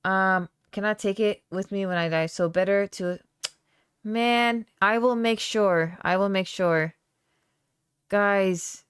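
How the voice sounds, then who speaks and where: A woman hosting a live-stream podcast, chatting loosely with viewers and reading their comments aloud. Her voice is smooth and clear, and it sounds close and dry with almost no room echo. She talks in a playful, rambling way with lots of fillers. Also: medium pitch, slow. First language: Aramaic. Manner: chatty, reads chat comments aloud, laughs often. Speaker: podcast host. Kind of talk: casual live-stream chat.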